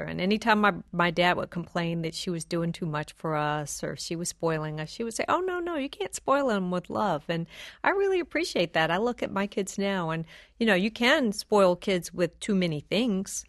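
A woman's voice: on the low side, lively intonation, moderate pace, no room sound. Heartfelt middle-aged woman, dry studio. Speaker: regular panelist. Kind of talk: personal anecdote in a panel discussion. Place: radio studio.

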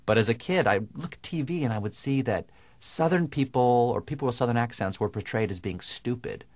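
A middle-aged man from the American South with no Southern accent, talking in a dry, deliberate way with crisp diction in an interview. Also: medium pitch, a little mellow, dry recording. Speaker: comedian guest. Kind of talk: radio interview conversation.

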